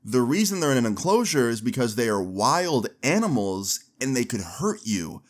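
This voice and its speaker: A man's voice: medium pitch, very animated, moderate pace, natural voice. A man voicing a stern male zoo employee who scolds and lectures in his own everyday voice. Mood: lecturing.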